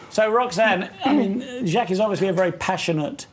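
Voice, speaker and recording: A man's voice: high-pitched, lively intonation, moderate pace. Man interviewing politely. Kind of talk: conversational interviewing.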